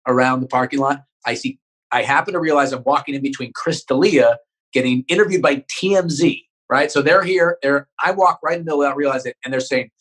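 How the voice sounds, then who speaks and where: A man's voice: mid-range voice, fast, a bit bright, poor audio. A man who is a comedian guest on a podcast, telling a story in casual chat, rambling and swearing with many restarts.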